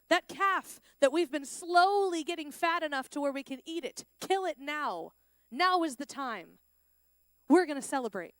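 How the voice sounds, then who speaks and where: High-pitched woman speaker, animated chapel talk, dry recording. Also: moderate pace, no room sound. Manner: animated, plays out the characters' lines. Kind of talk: sermon. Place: school chapel.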